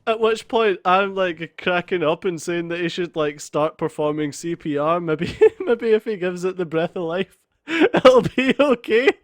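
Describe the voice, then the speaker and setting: A man's voice: high voice, normal speed, hardly any pauses, dry recording. A young man hosting a let's play, telling a story in a casual, sweary way and laughing through it. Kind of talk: casual storytelling over gameplay.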